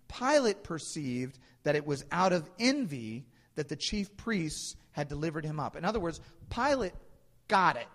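A man's voice: a little high, fairly bright tone. Man preaching in a reverberant hall. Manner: conversational, many fillers and restarts. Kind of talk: sermon.

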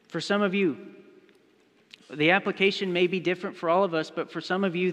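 In a large hall, a man with a high, fairly bright voice preaches a sermon, telling a story and speaking its quoted lines in his own voice as an acted-out illustration.

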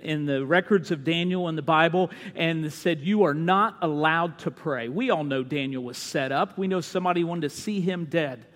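Pastor, male, high pitched, impassioned sermon delivery that swings from loud calls to hushed lines; church hall with long reverb. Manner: impassioned preaching, rising to shouts and dropping low.

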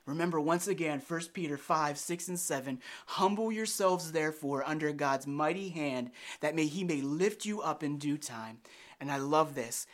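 A man's voice: a little high, normal speed. A man preaching a sermon as a pastor, telling a personal story in an earnest way and acting out his own prayers.

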